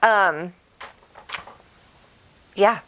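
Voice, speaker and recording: A woman's voice: mid-range voice, extremely slow, pushed and bright. A woman hosting a casual home livestream on a desk microphone, chatty and bubbly, reading out viewers' comments. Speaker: psychic medium host.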